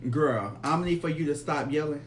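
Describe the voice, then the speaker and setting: A man's voice: on the high side, quick pace, slight background noise. A man from Florida bantering sassily in a casual live chat, teasing his co-host.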